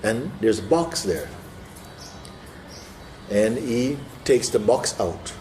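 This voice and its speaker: A man who is a spiritual teacher telling a parable during a talk, vivid and animated, acting out the scenes as he goes. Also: lowish voice, slow, a little hiss or hum.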